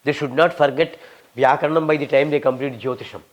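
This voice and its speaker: A man in his sixties with a Telugu accent, a visiting scholar answering questions in a fast, humorous and emphatic way. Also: medium pitch, fairly even intonation. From Telugu-speaking South India. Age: 60s. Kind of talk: lecture-style Q&A.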